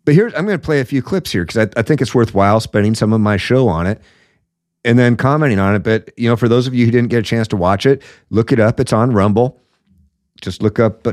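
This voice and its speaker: A man's voice: fairly low pitch, darkish tone, no echo, studio quality. A man hosting his own political commentary show, blunt and emphatic, calling it as he sees it between frequent fillers. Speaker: podcast host.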